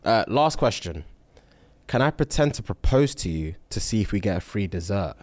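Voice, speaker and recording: A man co-hosting a casual podcast, tossing in quick affirming interjections. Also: lowish voice, big pitch swings, a little mellow. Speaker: podcast co-host.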